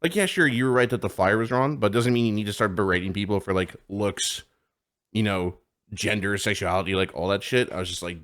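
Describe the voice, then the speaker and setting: A man with a fairly low voice chatting on a live podcast. He rambles through a story full of filler words and swearing, laughing along at his own anecdote in a loose, casual chat. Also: fairly quick, fairly bright tone. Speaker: podcast co-host. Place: home streaming setup.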